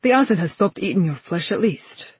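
Steady male warrior ally; woman narrator voicing him, matter-of-fact, husky. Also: fairly low pitch, fairly quick, no room sound. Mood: calm concerned. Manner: calm, concerned, matter-of-fact.

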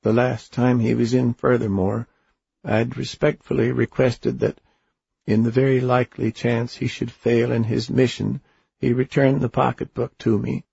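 A man voicing a polite, fatherly figure of time in a child's body in a storybook, speaking gently and formally. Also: mid-range voice, little pitch movement, normal speed, vocal fry, husky, no echo, pitched above the performer's own voice, full character voice. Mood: courteous. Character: calm boy-shaped keeper of time, polite. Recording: dull lo-fi dry recording.

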